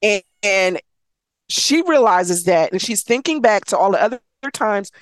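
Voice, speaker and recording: A woman casually retelling a novel's plot, animated, swearing freely and slipping into quick voices for the characters. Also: mid-range voice, no echo. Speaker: book recapper.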